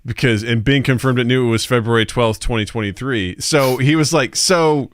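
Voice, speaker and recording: A man at mid pitch co-hosting a podcast, animated as he retells a story in casual chat. The sound is dry and close on the mic. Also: a little fast, no room sound. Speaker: podcast co-host.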